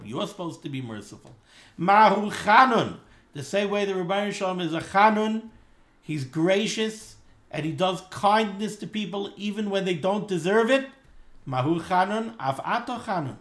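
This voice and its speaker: Guy with a high voice giving a torah class, says things over and over, lots of rhetorical questions, roomy echo. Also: fairly bright tone. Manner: repetitive, emphatic, asks rhetorical questions. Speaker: Torah teacher.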